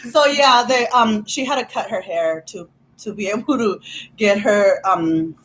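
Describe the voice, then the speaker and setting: A woman's voice: medium pitch, unhurried, fairly bright tone, poor audio. A woman vlogger telling a childhood story in a chatty, laughing way, full of "you know". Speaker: vlogger host. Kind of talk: casual storytelling while eating.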